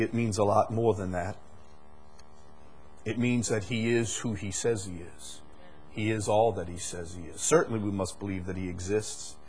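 A man preaching a sermon, stressing key phrases by repeating them and swinging between quiet stretches and loud, rising lines. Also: fairly low pitch, a little hiss or hum.

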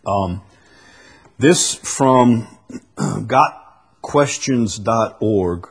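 A man teaches a Bible study group, walking through his points carefully and stopping to read passages aloud. His voice is husky and slightly rough. He speaks in a patient, explanatory way and often uses fillers between phrases. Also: fairly low pitch, very slow, pauses often.

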